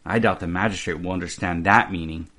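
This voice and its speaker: A man's voice: deep voice, steady tone, fast, pushed and bright, voice pushed down. A man voicing a young male apprentice in a read-aloud storybook, respectful and eager.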